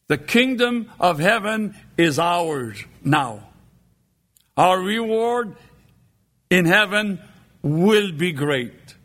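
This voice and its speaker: A man preaching a sermon in a slow, deliberate cadence. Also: sits high, a bit bright.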